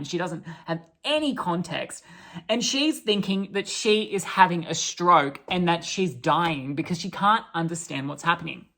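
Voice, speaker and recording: A woman's voice: on the low side, fairly bright tone. A woman giving a channelled spiritual talk, earnest and restarting her sentences often.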